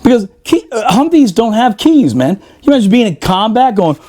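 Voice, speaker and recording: A man, a former Marine, telling a profane, animated story on a podcast and laughing often. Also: very high-pitched, a little fast, few pauses, slight background noise. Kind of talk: casual storytelling.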